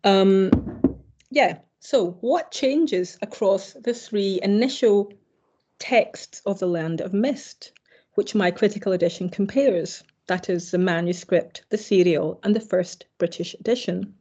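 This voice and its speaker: A woman's voice: medium pitch, a little slow, warm tone, slightly rough. A woman giving an academic keynote lecture, hesitant with fillers and self-corrections, with dry wry asides. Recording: slightly dull lo-fi recording.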